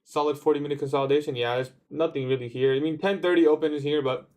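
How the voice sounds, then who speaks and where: A man's voice: on the high side, fairly even intonation, fast talker, darkish tone. Young man, livestream trader, casual chat, laid-back, answers chat. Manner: laid-back, says "bro" often, talks back to chat. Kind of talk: casual livestream chat reading viewer comments.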